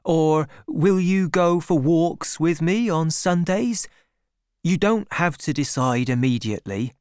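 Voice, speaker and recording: A man voicing an earnest young shepherd farmer who gently pleads his love, in a slow, lively storybook reading. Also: fairly high pitch, smooth, dry recording, studio quality, pitched above the performer's own voice. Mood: earnest pleading.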